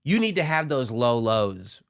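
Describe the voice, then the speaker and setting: A man's voice: mid-range voice, very animated, a little slow, no echo, studio quality. A man co-hosting a podcast, telling a childhood story and reassuring his co-host in casual chat.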